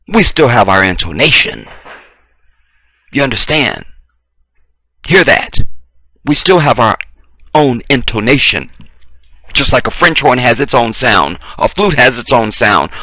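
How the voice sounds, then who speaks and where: A man's voice: mid-range voice, sharp tone, no room sound. A man giving a preachy commentary monologue, emphatic and profane, speaking straight to his listeners. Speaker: video commentator.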